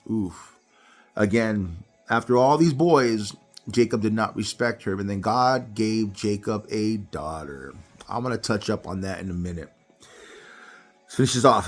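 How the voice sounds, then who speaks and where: A man giving a casual Bible study talk to viewers, telling stories animatedly. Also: medium pitch. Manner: animated storyteller who acts out scenes.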